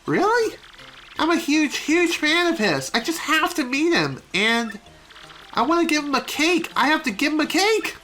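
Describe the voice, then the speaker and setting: A woman's voice: high voice, big pitch swings, moderate pace, bright, forceful tone, soft background music, pitched above the performer's own voice, full character voice. A woman voicing a giddy young female fan who gushes and squeals, reading game dialogue aloud. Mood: eager. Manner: squealing, breathless gushing.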